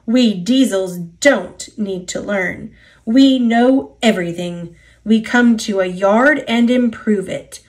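A woman's voice: medium pitch, slow, darkish tone, lightly acted, low-quality recording. Woman voicing a smug, oily diesel engine. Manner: oily, smooth, boastful.

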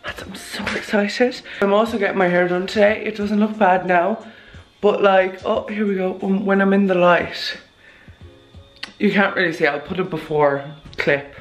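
A woman's voice: mid-range voice, fairly even intonation, moderate pace, rough recording. A young Irish woman in her twenties, rambling chattily to her phone camera in a casual vlog. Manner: chatty, rambling, says "lads" and "like" a lot. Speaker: vlogger. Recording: faint music underneath.

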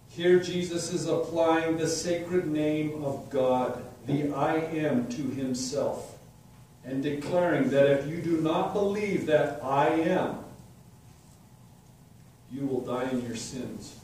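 Slow-preaching man in an echoey church. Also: on the high side, darkish tone, a little hiss or hum. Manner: slow, deliberate scripture exposition with emphatic declarations. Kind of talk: sermon. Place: church sanctuary. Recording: echoey hall, distant mic, faint ambience.

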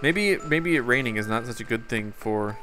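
A man's voice: mid-range voice, animated, normal speed, fairly bright tone, soft background music. A man hosting a casual gameplay video, chatting in a playful, rambling way with jokey asides. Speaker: gameplay host. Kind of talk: casual let's-play commentary.

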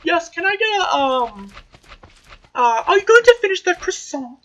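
Brief: man doing a squeaky, prissy fast-food customer, bright and pinched, muffled lo-fi audio. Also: very animated, heavily acted. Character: high-voiced fussy fast-food customer, adult.

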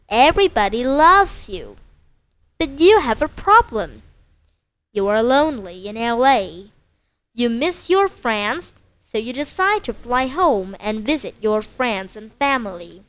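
A woman teacher narrating a simple story slowly and clearly for English learners. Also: a little high. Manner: slow, clear, expressive storytelling.

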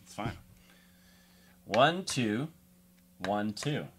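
A man's voice: fairly low pitch, expressive, drawn-out words, a bit bright, breathy edge. A man playing a board game casually, reading rules aloud and counting moves. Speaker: player and channel host.

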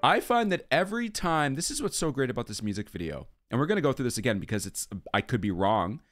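A man's voice: medium pitch, fast, no room sound. Gushing man reacting to a music video. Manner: animated, gushing, hums along to the melody.

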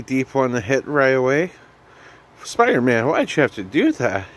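A man hosting a rambling comedy vlog, with goofy asides and some soft, quiet remarks. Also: medium pitch, huge pitch swings, moderate pace, slight background noise. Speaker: comedy vlogger.

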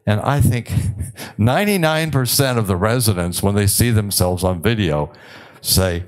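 An older man, a psychiatrist giving a conference lecture in a conversational, wry way, with many filler pauses. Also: on the low side, animated.

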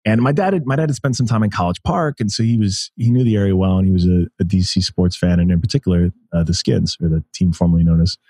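An American man in his thirties, a podcast guest telling stories in an animated way, laughing often and restarting his sentences. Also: low voice, fast talker, hardly any pauses, no echo. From United States. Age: 30s. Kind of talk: casual interview conversation.

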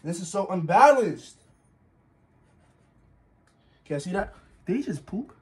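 A man's voice: sits high, very animated, measured pace, breathy edge. A nervous young man vlogging casually, insisting he isn't scared and yelping now and then. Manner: jittery, keeps insisting he isn't scared, yelps.

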